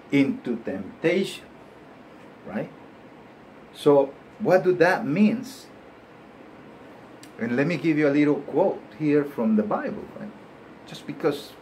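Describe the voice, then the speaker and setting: A show host with a bilingual Spanish-English accent gives an animated, preachy motivational talk, often laughing and repeatedly asking "right?" His voice is medium-pitched, with a little hiss or hum in the recording.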